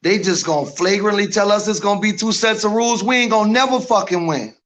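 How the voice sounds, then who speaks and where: A man's voice: high voice, quick pace, fairly bright tone. A man joining a live stream as a guest, blunt and determined as he speaks.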